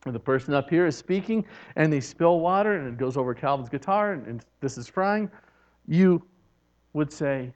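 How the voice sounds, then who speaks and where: A man teaching in church, who often acts out what people say in soft, hushed voices. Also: a little high, animated, moderate pace. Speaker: preacher. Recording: dull lo-fi recording.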